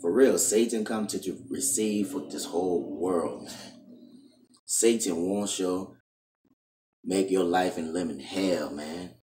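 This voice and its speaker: A man delivers a scolding, repetitive sermon to his viewers and keeps ending lines with "man". His voice is very low, and he sits away from the mic in a room with a strong echo. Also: slow pace, a little mellow, far from the mic, slight background noise. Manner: scolding and insistent. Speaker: video preacher. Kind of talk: preachy monologue to camera.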